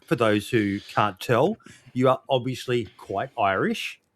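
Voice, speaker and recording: A man with an Australian accent hosts a relaxed interview. He is chummy and playful with his guest and keeps the chat loose. His voice sits at an ordinary middle pitch. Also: measured pace. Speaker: podcast host.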